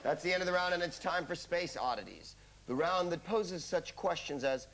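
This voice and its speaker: A man's voice: sits high, lively intonation, moderate pace. A man hosting a comedy quiz show, delivering wry, scripted patter. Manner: wry, arch. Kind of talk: scripted comic host patter. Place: television studio. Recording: loud studio audience and noise.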